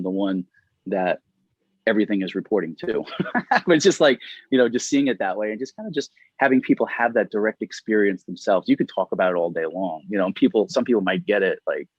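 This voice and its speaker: Guest spot: middle-aged man, low-pitched, rambling and laughing, dry muffled video-call sound. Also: slightly rough, no room sound. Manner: rambling, says "like" constantly, laughs often. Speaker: interview guest. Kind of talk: casual conversation. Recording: dull, dry audio.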